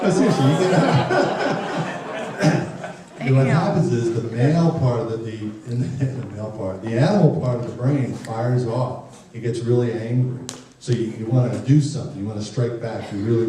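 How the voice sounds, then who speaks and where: A man's voice: lowish voice, dark tone, a little hiss or hum. Man lecturing parents in an echoey hall. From Ireland. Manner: jokey, acts out parents and teens in quick voices. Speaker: speaker giving a parenting talk. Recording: far, echoey hall recording.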